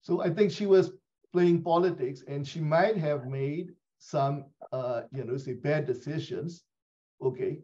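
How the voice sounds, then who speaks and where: Brief: a halting man with a higher voice, fillers throughout, dull lo-fi sound. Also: mellow. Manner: halting, repeats "you know, say". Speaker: meeting participant. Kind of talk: online meeting discussion. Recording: dull lo-fi audio.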